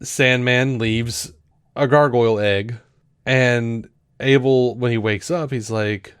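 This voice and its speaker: A man's voice: mid-range voice, slow pace, clean tone, dry recording. Rambling man on a podcast, dry sound. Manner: rambling, full of fillers and restarts; animated retelling that acts out quoted lines. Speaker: podcast co-host. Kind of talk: casual chat.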